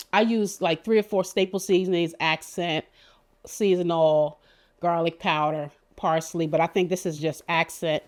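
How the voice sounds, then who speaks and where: Chatty middle-aged woman cooking on a show, telling stories, lots of ums, lowish voice. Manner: chatty, rambling storytelling with many fillers. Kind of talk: casual cooking demonstration.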